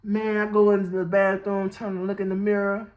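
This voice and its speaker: A man's voice: high-pitched, completely flat delivery, a little fast, a little mellow. A man telling a storytime vlog in slangy talk, laughing often as he goes. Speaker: vlogger.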